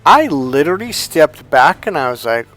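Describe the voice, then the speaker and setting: A man's voice: a little high, big pitch swings, normal speed, a bit bright, soft background music. Brash, profane male dating coach. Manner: profane, emphatic storytelling. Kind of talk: motivational monologue.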